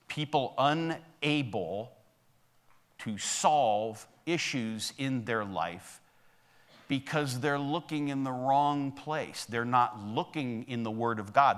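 A man's voice: mid-range voice, a bit bright. A male pastor preaching a sermon in a church, talking conversationally and often checking in with the congregation. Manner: conversational preaching with frequent "okay?" and "right?" check-ins to the congregation. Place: church sanctuary.

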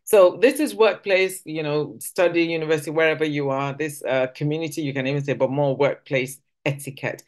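Her voice sits low, a little mellow and steady in tone, and she moves briskly with hardly any pauses. She is a Nigerian woman giving a conversational teaching talk at a church service, often restarting sentences and acting out what others said.

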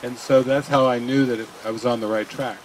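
Male spiritual teacher, mid pitch, easygoing musing delivery, faint hiss behind. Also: fairly quick, poor audio. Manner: relaxed, musing, laughs often. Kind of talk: unscripted spiritual talk.

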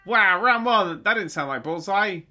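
A man's voice: high voice, lively intonation, moderate pace, sharp tone, faint music behind. A man playing a video game, sarcastic and sweary, mocking the game and humming its tunes. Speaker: gaming YouTuber. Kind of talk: swearing, sarcastic let's play commentary.

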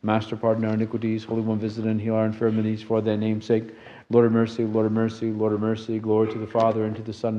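Man intoning prayers, deep and flat. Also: lo-fi sound. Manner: slow steady monotone intoning. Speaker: monastic chanter. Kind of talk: chanted liturgical responses and prayers. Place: monastery church.

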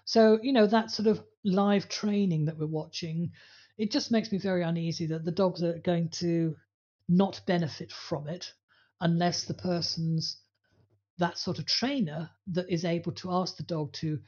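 A woman's voice: lowish voice, fairly even intonation, moderate pace, darkish tone, slightly rough, lo-fi sound. A woman co-hosting a podcast about dog training, talking casually and telling anecdotes with acted-out voices. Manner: storytelling, acts out voices in anecdotes.

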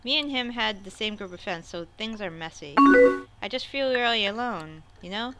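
A woman's voice: medium pitch, expressive, moderate pace, natural voice. A woman reading out a chatting school girl. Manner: reads chat messages aloud. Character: young woman, a high school friend, in chat. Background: game music and keyboard typing.

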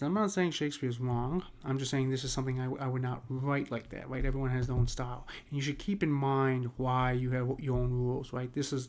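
Casual man explaining poetic meter. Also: medium pitch. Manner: talks through steps with frequent "right?" and fillers; reads verse lines slowly and deliberately. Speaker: poetry teacher.

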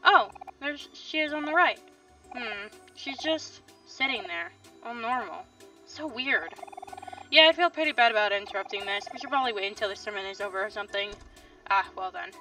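A woman's voice: on the high side, animated, moderate pace, pushed and bright, soft background music. A young woman giving casual, wry commentary while playing a video game, thinking aloud. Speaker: let's play host. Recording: slightly distant, dull lo-fi mic.

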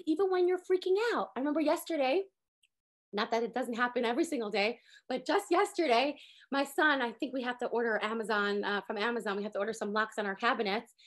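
A woman in her thirties teaching a lively Torah class, acting out quotes with sudden jumps in pitch. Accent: sprinkles Hebrew words. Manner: animated, acts out quotes with big pitch jumps.

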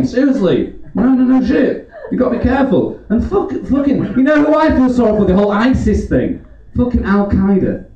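A man's voice: extremely high pitch, darkish tone, distant mic, slight background noise. A drunk man doing a rambling stand-up set in a comedy club, swearing constantly and laughing as he goes. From England. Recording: roomy club recorded from afar, dull, crowd laughter. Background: audience laughter.

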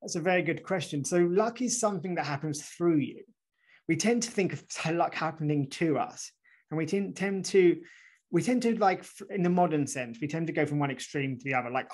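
Man, author guest, conversational, animated explainer, frequent restarts, asks "right?" often, mid-pitched voice. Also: fairly quick. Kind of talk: conversational interview.

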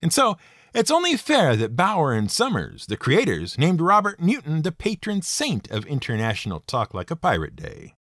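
A man's voice: on the high side, huge pitch swings, normal speed, a bit bright, dry recording. A man narrating a scripted podcast episode in a wry, playful storytelling manner with dry asides. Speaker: podcast host.

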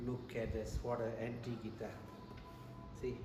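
A man's voice: medium pitch, little pitch movement, moderate pace, over loud music. A man, hosting a comic show-and-tell vlog at home, full of mock amazement. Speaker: vlogger host. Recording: echoey room with background noise.

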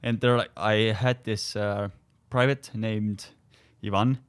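A man from Estonia, a comedian and army sergeant, chatting casually in halting English full of fillers and restarts. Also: lowish voice, steady tone, clean tone. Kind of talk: casual podcast chat.

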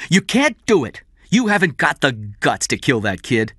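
A man's voice: medium pitch, sing-song, moderate pace, a bit bright, slightly rough, dry recording, studio quality, voice pushed up. A man reading aloud and voicing a scheming, disloyal male assistant who talks in a sneering, gloating way.

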